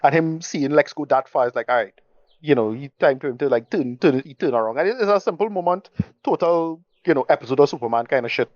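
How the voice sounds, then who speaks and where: A man co-hosting a casual movie review chat, talking quickly with halting restarts. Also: on the high side, darkish tone, dry recording. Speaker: podcast co-host. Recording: dry, dull lo-fi mic.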